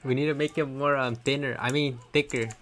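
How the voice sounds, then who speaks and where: A man's voice: medium pitch, fairly even intonation, a little fast, a bit bright, slight background noise. A male gamer chatting casually while playing, jumpy and exclaiming with lots of laughter. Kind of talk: casual gaming chat.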